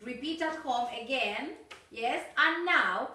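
A woman English teacher giving a recorded video lesson, slow and instructive, checking in with words like "okay?" and "yes?". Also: sits high, expressive, pushed and bright. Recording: echoey room, mic far off.

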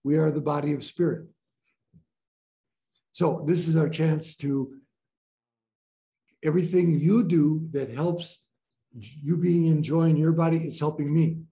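Gentle, slow-talking man teacher. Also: on the high side, steady tone, creaky. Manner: gentle, playful, laughs often. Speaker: breathwork teacher. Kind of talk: informal group teaching talk. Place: training room with a group.

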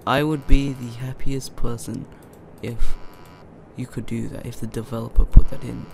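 A young man doing let's play commentary on a horror game, excitable, chatting to the characters and yelling when startled. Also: mid-range voice, moderate pace, gravelly, very noisy. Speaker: gamer.

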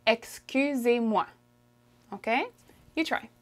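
Woman teaching french, canadian french accent, a bit high, slows way down on the phrases, lots of "okay?". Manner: slow, drawn-out pronunciation drills, frequent "okay?" checks. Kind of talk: language lesson, modelling phrases for repetition.

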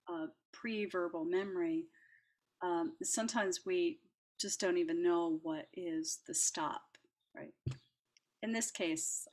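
A middle-aged woman hosting a reflective talk about the heart, chatty and gentle, laughing lightly and dropping to soft asides. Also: fairly low pitch. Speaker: host.

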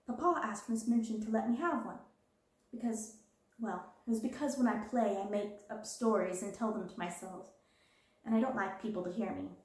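A woman voicing a confident, imaginative schoolgirl who speaks in a lively, confiding way in a storybook reading. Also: mid-range voice, normal speed, very echoey, distant mic, natural voice. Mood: calm.

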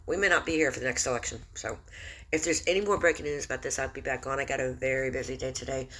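A man's voice: medium pitch, fairly even intonation, quick pace, a bit bright. A middle-aged man at home reading news aloud with his own commentary. He stumbles over foreign place names and spells them out. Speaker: Christian video host. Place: room in a house. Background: faint background noise.

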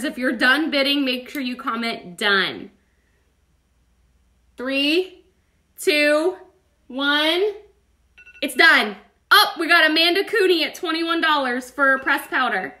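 A woman's voice: high voice, lively intonation, unhurried, pauses often, bright, forceful tone. A woman, chatty and upbeat, running a casual live-stream auction and calling out bids by name. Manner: playful, laughs often.

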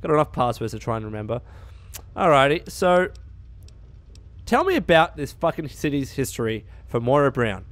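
A man giving casual, profane gameplay commentary, excitable and quick to laugh. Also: medium pitch. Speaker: let's play gamer.

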